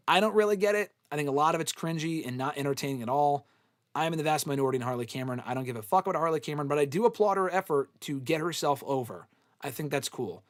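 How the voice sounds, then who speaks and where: A young man runs a live fan Q&A in a loose, profane, offhand way. His voice sits a touch high for a man. The sound is dry and close, with no room echo. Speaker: host answering fan questions. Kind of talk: casual live Q&A chat.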